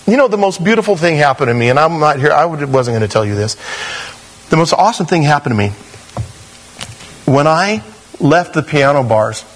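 Man, preaching a sermon, storytelling, animated high and low swings, slightly high voice. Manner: storytelling, acting out quoted voices. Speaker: pastor.

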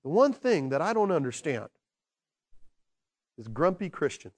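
A man preaching from the pulpit in a fairly high voice. He moves between slow, hushed stresses on key words and lively, excited bursts. The delivery is animated and conversational. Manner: animated, swinging from quiet emphasis to excited shouting. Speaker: pastor. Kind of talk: sermon.

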